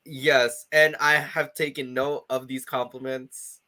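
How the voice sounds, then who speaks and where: Chatty man with a bright voice. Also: mid-range voice, little pitch movement, takes it slowly. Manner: chatty, laughs often, many fillers. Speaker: podcast co-host. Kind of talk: casual chat.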